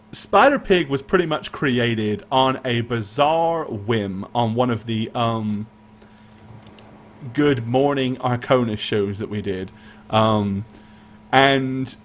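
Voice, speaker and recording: A man's voice: mid-range voice, a bit bright. A man co-hosting a casual recap of a tabletop game stream, who rambles and restarts his sentences as he talks. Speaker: game master and co-host.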